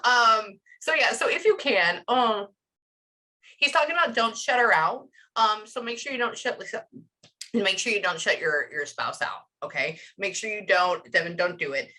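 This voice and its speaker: Animated woman medium, bright tone. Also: mid-range voice, normal speed. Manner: animated, relaying messages with many fillers. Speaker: psychic medium. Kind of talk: emotional reading session.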